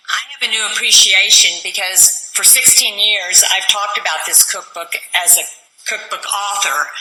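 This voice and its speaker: Woman, middle-aged, chatty presenter, bright tone, roomy echo. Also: medium pitch. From United States. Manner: chatty, personal storytelling to an audience. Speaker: cookbook author and seminar speaker. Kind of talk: conference presentation. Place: hall at a medical center symposium. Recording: echoey presentation hall.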